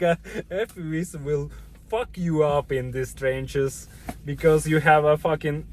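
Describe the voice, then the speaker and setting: A man, a guest in a casual chat, joking and laughing in broken English. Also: a little high. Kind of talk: casual sit-down conversation.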